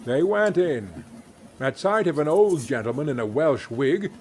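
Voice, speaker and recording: A man reading a classic story aloud in an expressive, unhurried way with occasional wry asides. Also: on the high side, slight background noise.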